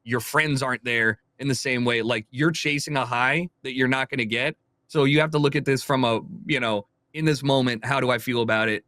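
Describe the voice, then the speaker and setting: A man's voice: medium pitch, pushed and bright, no echo. A young adult man, a streamer, talking candidly and opinionatedly in a casual podcast chat. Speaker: streamer guest.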